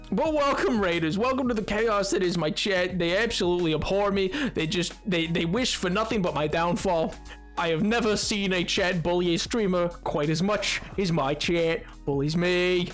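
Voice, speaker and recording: A man streaming a game live and chatting with his viewers, hoarse from hours of talking, animated and self-mocking, breaking into laughter often. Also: high-pitched, moderate pace, faint music behind. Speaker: livestreamer. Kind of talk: casual gaming livestream chat.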